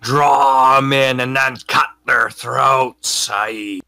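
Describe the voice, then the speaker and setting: A man voicing a gruff male pirate first mate who barks orders at the crew. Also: mid-range voice, steady tone, very slow, dry recording, exaggerated voice. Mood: sly. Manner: shouting commands.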